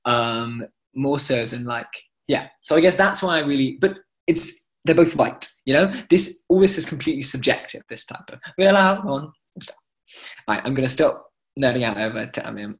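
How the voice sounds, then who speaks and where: A man's voice: medium pitch, fairly bright tone. Male chant teacher on a video call, keen and chatty, slipping into short sung phrases. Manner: enthusiastic, breaks into sung chant examples. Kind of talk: online class teaching.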